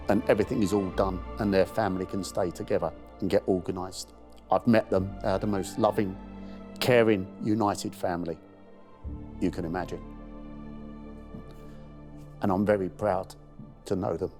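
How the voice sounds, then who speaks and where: A middle-aged man from the United Kingdom speaks low and a little slowly, pausing often, with faint music behind him. In a spoken diary he recounts his charity walk, giving animated voices to the people he met along the way.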